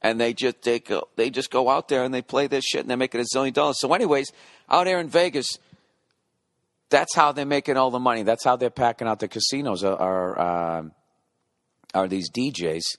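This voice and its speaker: A man's voice: mid-range voice, fairly quick, dry recording, studio quality. Profane, ranting man in his forties. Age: 40s. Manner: profane ranting, mimics beats with his mouth; heckles himself in asides. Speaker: podcast host. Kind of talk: rambling comedic monologue.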